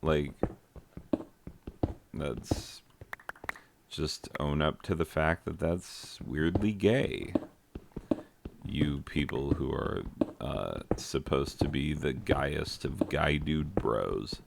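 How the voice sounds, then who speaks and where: A man's voice: rumbling low, extremely slow, vocal fry, pauses often, noisy background. An American man hosting a gaming channel, rambling and joking with many fillers while he plays. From United States. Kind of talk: rambling commentary while playing a video game.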